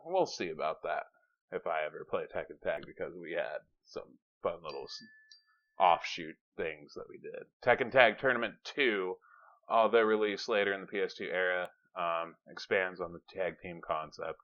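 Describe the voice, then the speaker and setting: A man's voice: sits low, pushed and bright, clean tone. A man hosting a podcast, chatting casually, rambling and swearing, sometimes reading from notes. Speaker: podcast host. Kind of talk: casual chat. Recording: dull lo-fi podcast audio.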